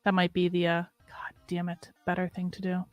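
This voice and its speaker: A woman's voice: fairly low pitch, monotone, a little fast, no echo, faint music behind. A woman on a casual livestream reads posts aloud and mutters asides while she scrolls.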